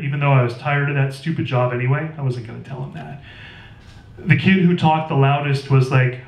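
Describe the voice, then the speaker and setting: A man reads his own novel aloud at a live event in a record store. His narration is plain and steady, in the first person. The room echoes, and he sits well away from the mic. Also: medium pitch, a little fast, dull audio. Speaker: author. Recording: roomy store, distant mic.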